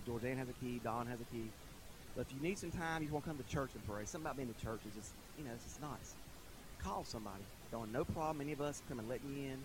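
A middle-aged man preaching a casual sermon in a church, folksy and conversational, chuckling often and rising to loud emphatic bursts. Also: medium pitch, noisy background. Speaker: pastor. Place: church sanctuary.

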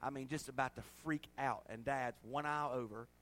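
A male pastor preaching a sermon, swinging between loud, emphatic declarations and soft, folksy asides to the congregation. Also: medium pitch, fairly even intonation, fairly quick. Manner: folksy everyday examples with audience asides.

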